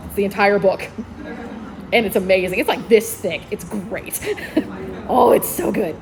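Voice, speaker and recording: A woman's voice: medium pitch, a little slow, gravelly, background noise. A woman librarian giving enthusiastic book recommendations at a convention panel, laughing often as she talks. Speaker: librarian presenting book picks.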